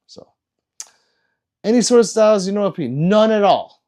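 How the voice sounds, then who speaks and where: A man's voice: sits high, expressive, a little slow, mellow. A man livestreaming, reading out chat messages and teasing viewers in a loose, rambling, joking way.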